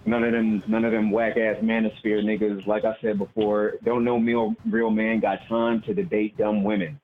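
A man's voice: lowish voice, flat delivery, moderate pace. A male caller from Baltimore in casual call-in chat, talking in a profane, heated, storytelling way. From Baltimore, USA. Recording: lo-fi call with faint noise.

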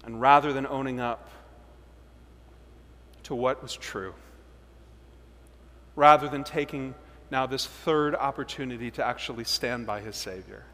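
A man preaching a sermon as pastor, swinging between loud emphasis and hushed, low passages. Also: big-room sound, slight background noise.

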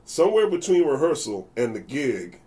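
Man guest, animated storyteller, mid-range voice, relaxed interview chat. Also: mid-range voice, moderate pace. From United States. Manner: animated, acts out voices in anecdotes. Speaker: jazz bassist guest.

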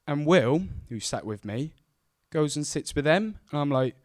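A young man telling a childhood story on stage, lively and acting out the voices of the people in it. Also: on the high side, a little slow, no room sound, studio quality. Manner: animated, acts out the voices of people in his story.

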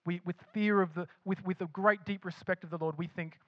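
Male pastor, sermon delivery, emphatic and repetitive, slightly high voice, dry muffled sound. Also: fairly even intonation, a little fast, no room sound. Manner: acts out imagined voices of believers.

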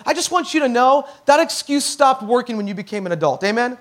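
High-voiced animated pastor in his thirties. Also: brisk, few pauses. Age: 30s. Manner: animated, acts out quotes, rises to near-shouts on key points. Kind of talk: sermon.

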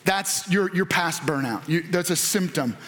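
A male pastor preaching a sermon in a lively way, acting out quoted voices and rising to shouts. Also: fairly high pitch, a little slow. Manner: animated, acts out voices, rises to shouts.

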